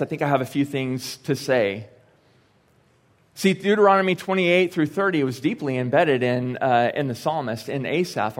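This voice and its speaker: A young man preaching a sermon in a church, speaking in a conversational way with joking asides and quoted lines acted out. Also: fairly high pitch. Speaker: pastor. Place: church sanctuary.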